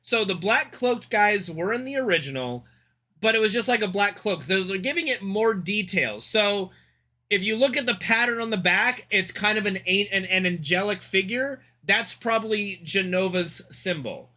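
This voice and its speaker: Young male streamer, excitable rambler, high and bright tone. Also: moderate pace. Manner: excitable, rambling, swears freely. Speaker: streamer reacting to a game trailer. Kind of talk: casual live-stream commentary.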